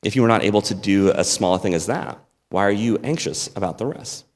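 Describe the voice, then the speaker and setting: A low-pitched American man preaching from the front of a church. His voice rings with a long hall reverb, and he talks to the room in an easy, conversational way, with side remarks mixed in. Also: a little fast, a little mellow. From United States. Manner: conversational, with asides and small laughs. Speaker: guest preacher. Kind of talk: sermon. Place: church sanctuary.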